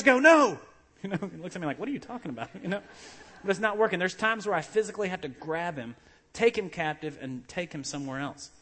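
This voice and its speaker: A man preaching a sermon from the pulpit with an animated, storytelling delivery. His voice sits a bit high, and he slips into acted-out voices as he goes. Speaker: pastor.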